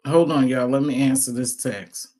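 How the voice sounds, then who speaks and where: A woman's voice: a bass voice, fairly even intonation, normal speed, warm tone. A woman hosting a casual live chat stream, speaking bluntly and profanely, laughing often and greeting viewers as she talks. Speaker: livestream host.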